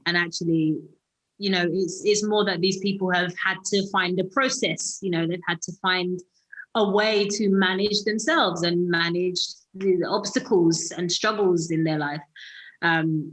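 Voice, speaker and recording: A woman's voice: fairly low pitch, fairly bright tone, rough recording. A British woman giving a thoughtful interview about her acting role, with many fillers and restarts. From Britain. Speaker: actor, interview guest. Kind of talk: casual interview talk.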